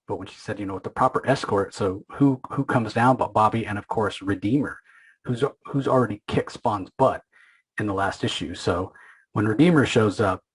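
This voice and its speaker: A man's voice: on the low side, breathy edge, poor audio. A man hosting a podcast, retelling a comic book story in loose, rambling speech full of fillers and restarts. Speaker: podcast host. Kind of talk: casual comic book recap.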